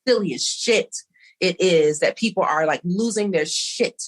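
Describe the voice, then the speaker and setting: Low-voiced woman rambling through a story. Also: a little slow. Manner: rambling storytelling, quoting herself and others. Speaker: podcast co-host. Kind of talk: casual podcast chat.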